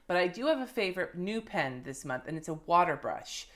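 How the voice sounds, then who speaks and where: A woman's voice: fairly low pitch, sing-song, fairly quick. A woman in her thirties chatting casually and swearing freely as she shows her favorite planner supplies to the camera. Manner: chatty and profane, showing items to the camera. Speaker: planner and lettering vlogger. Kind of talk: casual monthly favorites vlog.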